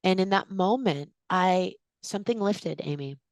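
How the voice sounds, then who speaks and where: A woman in her forties, a guest in an interview, telling a personal story in an animated way and acting out what people said. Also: on the low side, moderate pace, no echo. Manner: animated storyteller, acts out quotes with gasps.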